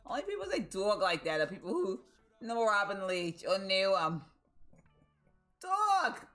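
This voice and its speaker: A woman's voice: medium pitch, big pitch swings, moderate pace, fairly bright tone, soft background music. A woman with a Baltimore accent who streams, chatting casually with a joking, profane, storytelling manner. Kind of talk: casual chat.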